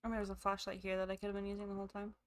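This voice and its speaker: A woman with the hiccups giving excitable let's play commentary, thinking aloud as she plays. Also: mid-range voice, racing. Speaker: gamer.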